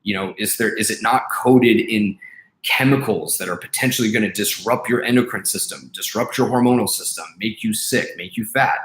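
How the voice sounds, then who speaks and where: Young man, low voice, casual vlog rant, profane, exasperated, echoey room. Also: moderate pace, fairly bright tone. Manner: blunt, profane, exasperated, lots of fillers. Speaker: vlogger and life coach. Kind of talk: casual ranting monologue.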